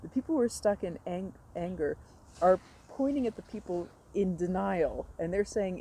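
A woman guest in a casual conversation, telling stories with animated energy and frequent laughter. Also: on the low side, moderate pace, breathy edge, rough recording. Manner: laughs often, animated storytelling. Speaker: stand-up comedy teacher, guest.

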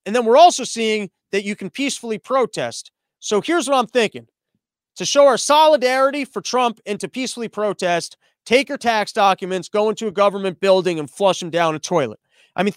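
A man's voice: high voice, no echo, studio quality. A man hosting a satirical news podcast, talking in a sarcastic, rambling, mock-serious way. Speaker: podcast host.

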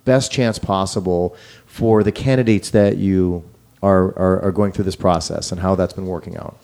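A man's voice: low-pitched, fairly even intonation, normal speed, a little mellow. A man hosting a casual interview, joking and often restarting his sentences. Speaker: interview host.

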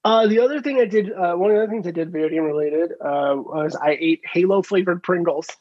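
High-voiced rambling man on a podcast. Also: fairly quick, no echo, muffled recording. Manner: rambling, many fillers and restarts, swears casually. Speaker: podcast co-host. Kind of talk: casual chat.

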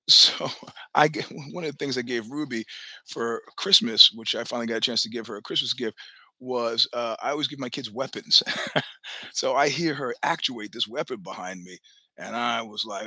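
A man in his sixties talks through a personal story on his own show, loose and chatty, stumbling over restarts and dropping curses along the way. His voice is very bright and forward at a mid pitch. It sits close and dry on the mic, with no room sound. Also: normal speed, no echo. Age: 60s. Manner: chatty, many restarts and stammers, swears freely. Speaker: podcast host. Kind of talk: rambling personal storytelling monologue.

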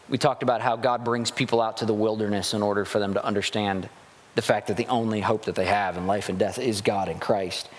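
A man preaching a sermon as a pastor, animated and acting out grumbling voices as he goes. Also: medium pitch. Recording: long hall reverb.

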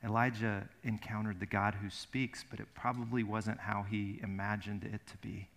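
A man's voice: on the low side, flat delivery, moderate pace, vocal fry, a bit bright. A middle-aged man preaching a sermon as pastor, telling a story earnestly and emphatically, often repeating his words.

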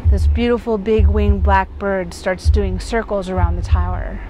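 A woman warmly telling a personal story about her son. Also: mid-range voice, fairly even intonation, moderate pace, a little hiss or hum, poor audio. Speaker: festival attendee sharing an experience.

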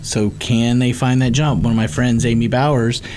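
A man, a horse trainer, chatting on a talk show, polite and animated as he tells stories. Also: medium pitch, moderate pace, slight background noise. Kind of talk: casual talk show chat.

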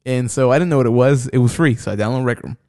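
A man's voice: medium pitch, fast talker, warm tone. A man co-hosting a podcast, telling a crude, rambling story full of fillers. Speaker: podcast co-host. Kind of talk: casual storytelling chat.

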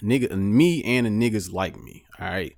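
A man's voice: lowish voice, lively intonation, moderate pace, creaky, darkish tone. A middle-aged man co-hosting a casual podcast chat, ranting bluntly with lots of profanity.

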